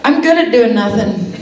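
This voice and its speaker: A woman's voice: a little high, recorded from a distance, background noise. Chatty woman in an echoey hall. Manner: chatty, laughs often, lively asides. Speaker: actor guest on a fan convention panel. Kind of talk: casual panel chat. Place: convention hall. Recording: echoey hall, picked up from afar.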